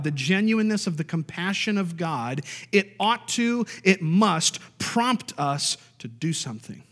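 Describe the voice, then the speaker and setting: A man's voice: a little high, a bit bright, in a large hall. A married man preaching a sermon, stressing key lines by repeating them and calling out for amens. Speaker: pastor.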